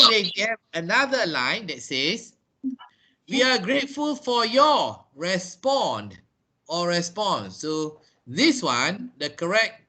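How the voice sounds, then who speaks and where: A man's voice: a little high, bright, forceful tone. A man teaching an online lesson over a video call, spelling words out letter by letter and drilling pronunciation. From Malaysia. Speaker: English teacher.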